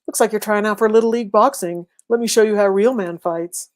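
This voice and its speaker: A woman's voice: medium pitch, fast, a little mellow, close to an everyday voice. A woman voicing a big, mean male bully who sneers and taunts in a read-aloud story. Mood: taunting. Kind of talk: audiobook character voice.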